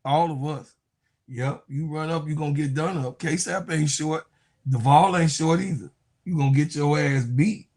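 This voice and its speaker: A young man with a Chicago accent hosts a loose sports talk show with a slightly raised voice. He trash-talks, jokes and laughs often, his delivery animated and playful. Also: on the high side, normal speed. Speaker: sports commentary host. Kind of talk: casual sports talk livestream.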